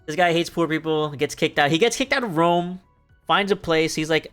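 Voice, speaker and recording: A man's voice: a little high, moderate pace, a bit bright, smooth. A young man streaming, casually retelling a play in a rambling, profane way, laughing often. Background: faint music.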